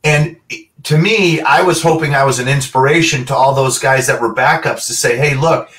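A middle-aged man, a former football player, recounts his career in a casual, animated way. His voice sits in the middle range and he jumps into the voices of the people he quotes. He sounds slightly distant from the microphone. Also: medium pitch, moderate pace. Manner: animated storyteller, acts out quoted dialogue. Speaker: interview guest, former pro football player. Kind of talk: casual storytelling.

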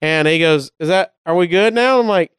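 A man from Alabama with a Southern drawl spins a story in casual talk, slipping in quick voices for the people in it. His voice is very smooth and clear, sitting a little high, and the sound is dry and close. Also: no room sound. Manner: animated anecdotes, acting out the voices of people in the story. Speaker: comedian guest.

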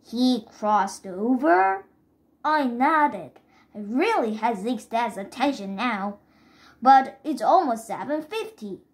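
A woman reading a children's chapter book aloud in careful, steady first-person narration. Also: on the high side, slow pace. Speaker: reader.

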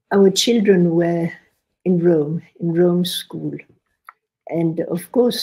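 Older woman, low gravelly voice with a husky edge, telling a story on a podcast. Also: low-quality recording. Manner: animated storyteller, quotes others with rising emphasis. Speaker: podcast guest. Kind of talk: storytelling in conversation.

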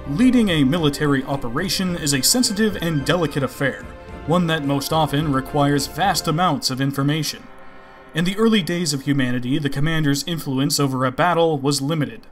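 A man hosting his own video series, reading a scripted explainer with a wry, self-deprecating edge. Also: fairly high pitch. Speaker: host of a video series on game mechs. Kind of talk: scripted narration.

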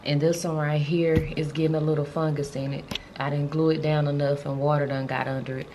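A woman's voice: low-pitched, level tone, brisk. Chatty woman vlogging with background noise. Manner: chatty and emotional, calls viewers y'all and baby. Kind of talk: casual vlog chat.

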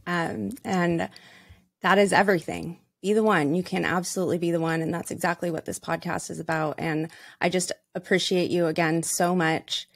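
A woman's voice: on the low side, no echo, studio quality. A woman hosting a podcast interview, speaking in an effusive, grateful way to her guest. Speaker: podcast host. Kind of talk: interview chat.

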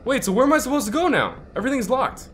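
A man playing a horror game and commenting, easily startled, swearing and yelling back at the ghosts. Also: very high-pitched, big pitch swings, racing, slight background noise. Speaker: gaming channel host.

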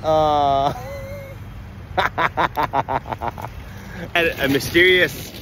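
With background music underneath, a vlogger dad talks extremely slowly in a voice on the high side. He's shopping with his toddler in a large warehouse store, chatting casually in a playful, sing-song baby-talk manner and laughing frequently.

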